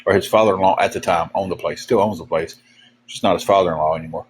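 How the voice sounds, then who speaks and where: A man's voice: sits low, fairly even intonation, fast talker, a little hiss or hum, rough recording. A man, chatting casually to a livestream audience. He rambles in a folksy way, trailing off into fillers and restarting his sentences as he tells stories. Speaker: livestream host. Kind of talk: casual storytelling to live chat.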